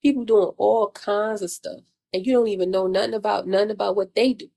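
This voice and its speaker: A woman's voice: medium pitch, steady tone, a little fast, creaky, warm tone. A woman vlogger, venting in a blunt, profane monologue full of repeated rhetorical questions. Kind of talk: casual spiritual venting monologue.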